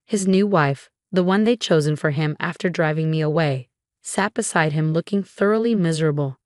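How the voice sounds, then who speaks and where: A woman reading a first-person revenge story as scripted narration, calm and measured. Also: low voice, no echo, studio quality.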